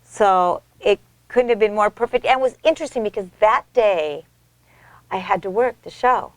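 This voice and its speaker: A middle-aged American actress telling stories in an interview, animated and effusive with frequent restarts. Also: female voice, mid-range voice, moderate pace, dry recording. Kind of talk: casual storytelling in an interview.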